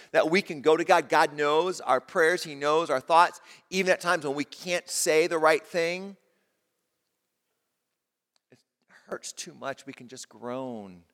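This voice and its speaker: A male pastor preaching a sermon, moving between hushed low passages and rising emphatic stretches. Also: long reverb tail. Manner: dynamic preaching, drops to soft low tones and rises with emphasis.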